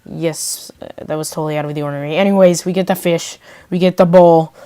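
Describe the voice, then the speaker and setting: Woman vlogger, casual storytime, rambling, says "like" a lot, slightly low voice. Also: steady tone, fast, warm tone, clean tone, no echo. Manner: rambling, full of "like" and joke asides.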